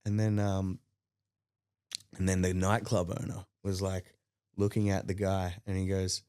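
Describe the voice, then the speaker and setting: Lively Australian man telling a story. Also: moderate pace, clear, resonant tone, no room sound, clean studio sound. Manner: animated, acts out quotes with rising pitch, many fillers. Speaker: podcast guest. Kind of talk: casual storytelling.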